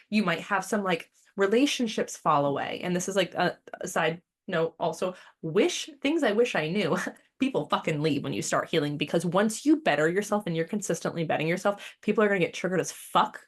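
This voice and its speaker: A woman's voice: lowish voice, a little fast. A woman hosting a spiritual podcast in a casual, blunt way, swearing freely and wandering into sidetracks. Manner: blunt and profane, animated; chatty, with fillers and sidetracks. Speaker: podcast host.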